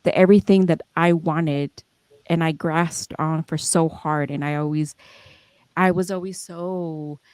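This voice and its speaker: Low-voiced woman reflecting candidly. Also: fairly even intonation, measured pace, darkish tone, no echo. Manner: emotional, rambling, with frequent restarts and fillers; candid, swears freely. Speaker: podcast founder and host. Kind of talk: reflective casual talk.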